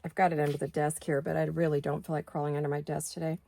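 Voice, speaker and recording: Gravelly-voiced woman chatting while crafting. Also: low voice, level tone, fast talker, background noise. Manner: chatty, thinking aloud while working. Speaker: craft video host. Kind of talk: casual craft-along chat.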